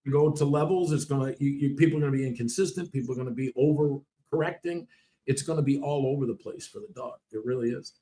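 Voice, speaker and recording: In lively, casual banter on the dog training podcast he co-hosts, a man with a mid-range voice swears freely and throws in rapid impressions of other voices.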